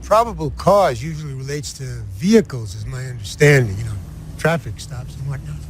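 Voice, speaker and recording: An actor plays a stubborn middle-aged lot owner in a TV drama, unbothered and dry as he lays out the law point by point. His voice sits at an ordinary middle pitch, with a faint hum of background noise. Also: brisk, lightly acted. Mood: dry defiance. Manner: calm, dry, lawyerly arguing.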